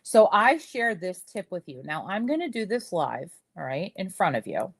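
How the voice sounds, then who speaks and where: A woman's voice: lowish voice, very animated, moderate pace, fairly bright tone, slightly rough, no echo. A middle-aged woman hosting a live jewelry stream from her desk, chatting with viewers in the comments as she demonstrates. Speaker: jewelry seller hosting a livestream. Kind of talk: live shopping stream demo. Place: home desk.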